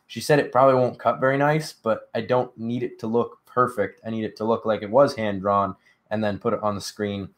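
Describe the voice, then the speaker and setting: A man's voice: on the low side, steady tone, a little fast. Sleepy young man rambling on a live stream. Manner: rambling, filler-heavy, reads chat aloud. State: sleepy, yawning. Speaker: livestream host. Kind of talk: casual live stream chat.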